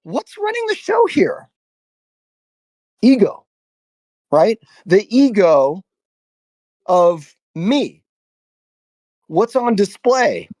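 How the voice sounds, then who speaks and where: A man telling a personal story on a live stream about shadow work, speaking emphatically with profanity and long pauses. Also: sits high, very animated, a little mellow, no echo. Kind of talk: intense personal storytelling to a listener.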